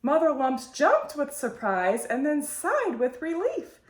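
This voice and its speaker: A woman hosting storytime, reading a picture book aloud in a slow, expressive way. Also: sits high. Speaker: storytime host. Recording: roomy echo.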